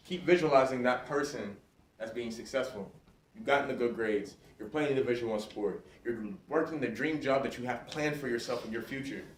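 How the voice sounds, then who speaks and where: A man's voice: mid-range voice, fairly quick. A man giving a motivational talk to students in a school hall. He speaks with energy and keeps checking in with his audience. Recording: roomy and distant, faint noise.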